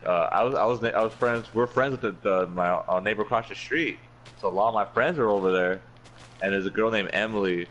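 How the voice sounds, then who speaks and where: Laid-back low-voiced man telling stories. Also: fairly bright tone, lo-fi sound. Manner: profane, laughing, acts out quoted friends. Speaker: podcast host. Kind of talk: casual chat, storytelling.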